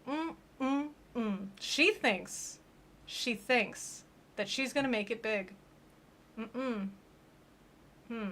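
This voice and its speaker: Young woman, sarcastic reaction commentary, slightly high voice, casual streamer. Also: lively intonation, slow pace, pauses often, a bit bright. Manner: sarcastic, mocking voices of people on screen.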